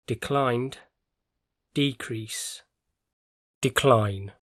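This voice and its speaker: A male English teacher works through a vocabulary lesson unhurriedly, setting down every word clearly and with careful stress. His voice is an ordinary pitch, recorded very close and dry with no room sound or echo.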